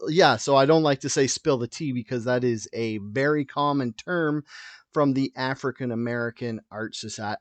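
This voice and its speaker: A man hosting a solo podcast, rambling through tangents with lots of swearing, loud and wired on coffee. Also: mid-range voice, fairly quick, no room sound. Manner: rambling, tangent-prone, profane. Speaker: podcast host.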